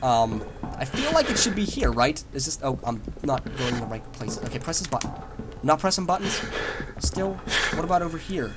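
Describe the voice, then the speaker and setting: A man giving joking let's play commentary on a horror game, rambling along and breaking into loud yelps when scared. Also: a little high, very animated, normal speed. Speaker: gamer playing a horror game. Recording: noisy home recording.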